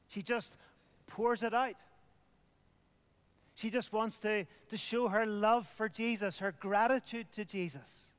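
A man's voice: high-pitched, fairly even intonation, slow, long pauses, clear, resonant tone, long reverb tail. A middle-aged man preaching a communion sermon, earnest, dropping to a near whisper at tender points. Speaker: pastor.

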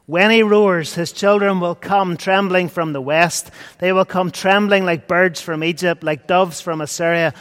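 A man preaching a sermon, earnest, swinging between loud and hushed. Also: high voice, fairly even intonation, a little slow, hardly any pauses. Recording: long hall reverb.

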